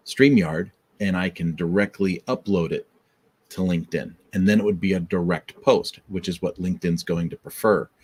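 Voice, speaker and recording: Husky deep-voiced male podcast host. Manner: earnest, encouraging, repeats key advice. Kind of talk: casual motivational talk to camera.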